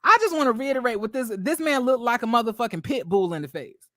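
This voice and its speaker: A man hosting a gossip commentary channel, talking in a brash, profane, theatrical way with drawn-out exclamations. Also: very high voice, lively intonation, fairly bright tone, no echo, clean studio sound.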